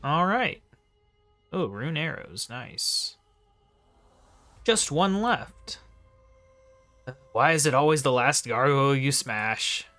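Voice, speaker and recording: Male let's-play host, muttered asides, lively pitch, faint game music. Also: slow pace, pauses often. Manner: mumbles quiet asides, sometimes whispers. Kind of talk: casual gameplay commentary. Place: at home late at night.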